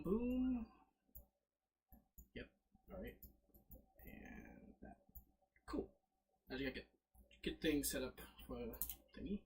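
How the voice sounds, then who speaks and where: A man casually narrating as game master, fumbling with his setup and correcting himself as he goes. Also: mid-range voice. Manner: lively, fumbling with slides, self-correcting.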